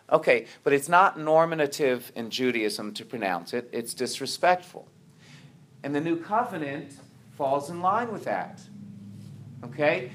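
Man, preacher, sermon, higher voice, stumbling restarts, frequent "right?". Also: moderate pace, slight background noise. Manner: restarts and repeats words, asks "right?" often. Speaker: congregation leader, preacher.

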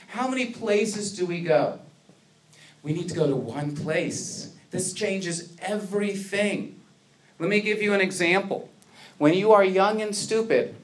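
A man preaching a sermon to his congregation, earnest, asking rhetorical questions and building to emphatic peaks. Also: high-pitched. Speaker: pastor.

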